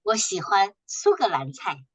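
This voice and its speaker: A woman teaching a language class, patiently repeating short phrases slowly for her students to echo. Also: medium pitch, huge pitch swings, husky.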